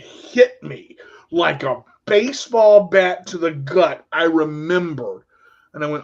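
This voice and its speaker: A man's voice: on the high side, expressive, a little slow. Emotional man telling a personal story. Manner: emotional, repetitive, restarts often. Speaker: radio show host. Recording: dull lo-fi sound.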